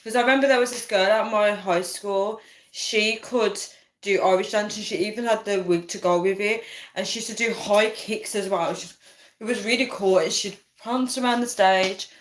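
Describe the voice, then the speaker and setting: A woman's voice: medium pitch, fairly even intonation, normal speed. A young woman, hosting a casual livestream and chatting, giggling and reading viewer comments aloud. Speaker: livestream host. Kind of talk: casual live chat. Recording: echoey room.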